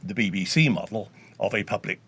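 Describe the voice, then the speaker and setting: A man's voice: on the low side, brisk, a bit bright, slightly rough. A middle-aged Englishman with an English accent, a voice-over artist answering interview questions in a blunt, emphatic way with salty idioms. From England. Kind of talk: podcast interview.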